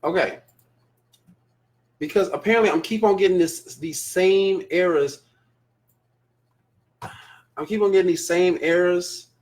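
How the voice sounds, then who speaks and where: Male live-show host, slightly higher voice, emphatic and repetitive, casual delivery. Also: a little slow, long pauses, darkish tone. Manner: emphatic, repeats phrases for stress. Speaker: live show host reading viewer comments. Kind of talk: casual live-stream talk.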